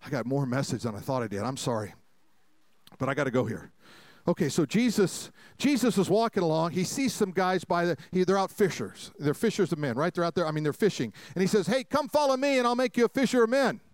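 A pastor preaching a sermon to a congregation, telling stories with jokes and acted-out voices, swinging between loud preaching and quiet asides. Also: male voice, on the high side, a little fast, dry recording. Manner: folksy, jokey storytelling with acted-out quotes. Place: church sanctuary before a congregation.

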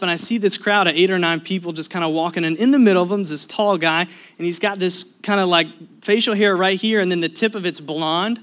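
A pastor delivers a sermon full of personal stories, told in an animated way that swings between loud emphasis and hushed asides. His voice sits high.

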